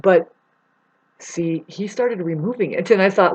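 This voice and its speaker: A speaker talks straight to the camera in a long, rambling personal monologue, emotional and quick to apologize. Sentences keep breaking off and starting over. The recording sounds muffled and lo-fi. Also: mid-range voice, darkish tone, slightly rough. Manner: emotional, apologetic, many restarts and asides. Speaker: self-described live performing artist. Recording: dull lo-fi recording.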